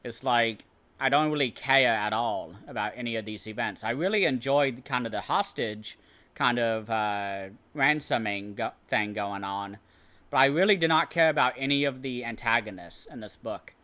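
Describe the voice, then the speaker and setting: A man's voice: mid-range voice, moderate pace, pushed and bright. A man giving a casual, rambling spoken book review, often hesitating and restarting his sentences. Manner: hesitant, rambling, many restarts and "I don't know".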